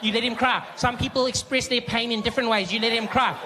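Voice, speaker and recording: A man's voice: very high-pitched, fairly even intonation, quick pace, noisy background, pitched above the performer's own voice. A man voicing a meddling woman bystander in a stand-up routine, scolding and insistent.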